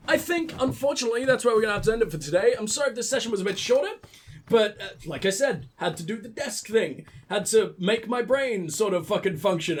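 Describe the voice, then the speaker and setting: Southern english dude rambling over a game, sick, swears a lot, sarcastic, pretty high pitched. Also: male voice. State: ill. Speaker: let's play host. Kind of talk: casual gameplay commentary.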